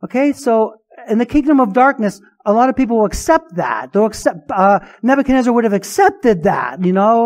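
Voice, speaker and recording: A man with a high voice preaches a sermon as a pastor. He presses his points hard and keeps putting questions to his listeners. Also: expressive, fairly quick, few pauses. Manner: emphatic preaching with rhetorical questions.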